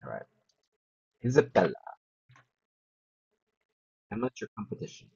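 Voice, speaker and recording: A man's voice: on the low side, very animated, measured pace, gravelly, a little mellow, husky, dull audio. A man live-streaming, giving wry, teasing commentary in a casual chat.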